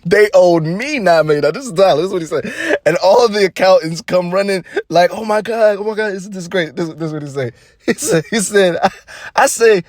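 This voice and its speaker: A man's voice: high voice, expressive, a little fast, dry recording, clean studio sound. A man giving casual, rambling commentary on celebrity news, laughing often and repeating himself.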